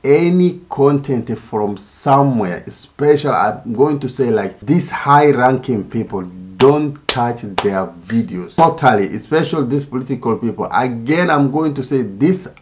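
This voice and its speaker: A man's voice: medium pitch, expressive, unhurried, few pauses, a little hiss or hum. Frustrated man ranting to viewers. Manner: frustrated, repeats himself, addresses viewers as guys. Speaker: YouTuber. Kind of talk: casual vlog talk to viewers.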